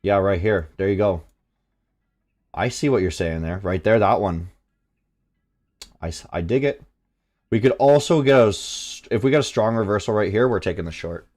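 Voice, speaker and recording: A young man from Canada hosts a casual live trading stream in a fairly low voice. He talks loosely to his viewers, reads their chat out, and swears freely when the market moves. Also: moderate pace, long pauses. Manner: profane, excitable, reads chat aloud. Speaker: livestream trading host.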